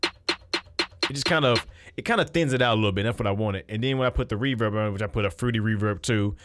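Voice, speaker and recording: A man's voice: lowish voice, fast talker, music in the background. A man talking casually through a beat-making tutorial at his computer, loose and conversational with frequent restarts. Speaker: music producer.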